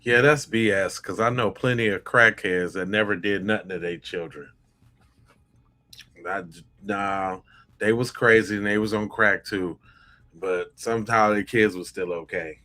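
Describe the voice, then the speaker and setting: A man's voice: on the low side, fairly even intonation, measured pace, bright, forceful tone. A man hosting a podcast, reacting bluntly and angrily to case footage in casual slang. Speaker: podcast host. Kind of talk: reacting to true crime footage.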